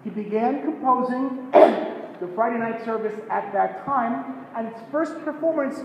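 A man giving a pre-concert lecture, explaining in a measured way with pauses and self-corrections, recorded in a concert hall. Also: extremely high pitch. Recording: echoey hall, dull lo-fi sound, faint noise.

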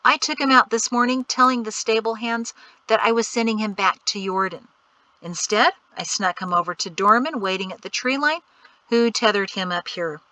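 A man's voice: high-pitched, moderate pace, sharp tone, no room sound, low-quality recording. Woman reading a wry, easygoing male guide.

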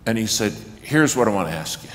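Male guest preacher, low voice, very lively delivery, acts out the quotes, long church reverb. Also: quick pace. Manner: animated storyteller acting out quotes, rising to shouts. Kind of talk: storytelling sermon. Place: church sanctuary. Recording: reverberant church hall, faint ambience.

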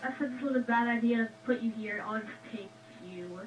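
A woman's voice: a little high, brisk, highs cut off, soft background music. A woman taking part in a casual game role-play, speaking in a dry, matter-of-fact, teasing way.

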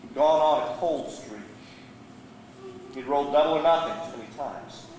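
A man's voice: a little high, normal speed, darkish tone, recorded from a distance, slight background noise. A man, a guest preacher, telling a sermon story with dramatic, varied delivery in a church sanctuary. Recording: echoey church hall.

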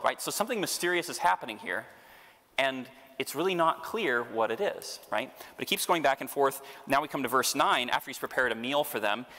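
A man, a priest, giving a Bible study lecture in an animated way with chuckling, humorous asides. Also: medium pitch, in a large hall.

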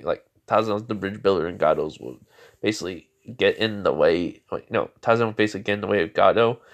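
A man's voice: lowish voice, gravelly. Rambling man retelling a fan story. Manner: rambling, with many fillers and self-corrections. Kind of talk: casual fan-fiction retelling.

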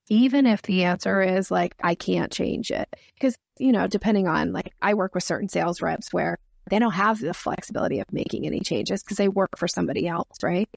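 Gravelly-voiced woman coaching on sales. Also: medium pitch, brisk, no echo, clean studio sound. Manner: energetic, explains with role-played sales dialogue. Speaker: sales expert guest. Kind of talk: podcast interview.

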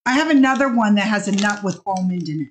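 A woman's voice: medium pitch, lively intonation, fast talker. A woman hosting a live online shopping sale, talking casually and upbeat with lots of fillers and restarts.

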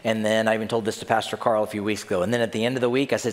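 A man's voice: lowish voice, flat delivery, racing, few pauses, in a large hall. A man preaching a sermon as senior pastor, telling the story with animation and acting out the scenes. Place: church sanctuary.

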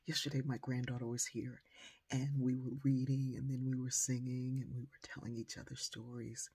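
Older woman, motivational storyteller, gravelly voice, very husky, animated delivery. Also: extremely low pitch, normal speed. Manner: animated storyteller, acts out the voices in her stories. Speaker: motivational speaker.

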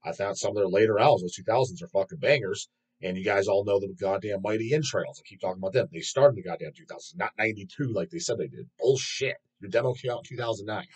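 A man's voice: lowish voice, fast, husky, low-quality recording. A man hosting his own metal music channel, ranting casually and bluntly to camera, swearing constantly and speaking with strong opinions.

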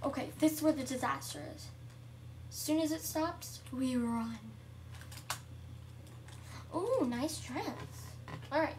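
A young girl giving casual, chatty commentary over her own gameplay at home, excitable and shrieking at surprises. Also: high voice, slow pace, long pauses, distant mic, a little hiss or hum. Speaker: gameplay vlogger.

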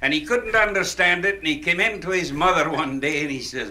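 A man's voice: on the high side, a little fast, hardly any pauses, bright, forceful tone, rough recording. A man telling pub jokes on a party record, chuckling and acting out the characters in each story.

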